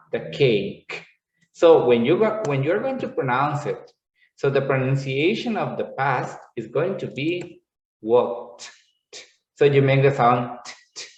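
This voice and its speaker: A man gives a slow, unhurried pronunciation lesson, stopping to model single sounds again and again. His voice sits in a mid register and carries a roomy echo. The audio is a little dull and lo-fi. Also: mid-range voice, far from the mic. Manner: patient, repetitive explaining with drawn-out sound demonstrations. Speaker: English pronunciation teacher. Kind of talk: classroom-style lesson explanation. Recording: echoey room, slightly dull lo-fi sound.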